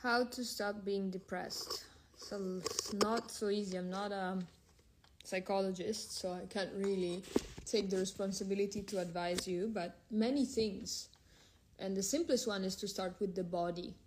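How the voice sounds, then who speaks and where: A woman's voice: medium pitch, steady tone, normal speed, noisy background. A woman hosting a casual phone livestream, reading out viewer questions and answering them frankly, drifting between languages as she talks. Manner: drifts between several languages mid-stream.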